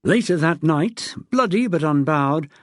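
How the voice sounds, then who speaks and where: A man narrating an audiobook in an expressive way, shifting his pitch for the characters. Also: a little slow, dry recording, clean studio sound. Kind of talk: scripted narration.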